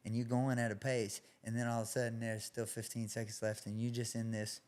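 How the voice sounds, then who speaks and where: A man who fights and coaches at a gym, calmly explaining his training ideas as a guest on a podcast. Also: fairly low pitch, a little fast, few pauses. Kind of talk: podcast interview.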